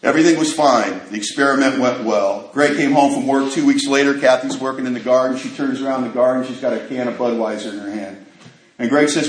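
A man shares his own recovery story, using loose street grammar and acting out the voices of the people in it. His voice sits in a middle range and drops low and quiet when the story turns dark. The room gives his voice a clear echo. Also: fairly quick, slight background noise. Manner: vivid storyteller, acts out quoted voices, drops to a hush in tense moments. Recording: echoey room.

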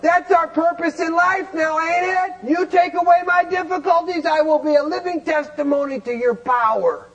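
A man's voice: extremely high pitch, moderate pace, few pauses, a bit bright, muffled recording. A man teaching a recovery group in a folksy, emphatic way, peppered with rhetorical questions. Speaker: recovery meeting speaker. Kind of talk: animated teaching talk.

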